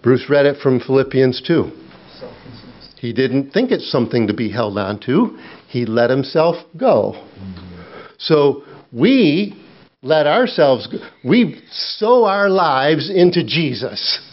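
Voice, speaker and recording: A middle-aged man preaching a sermon, slow and earnest, dropping low and quiet when he tells his own story. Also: big pitch swings. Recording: dull lo-fi sound.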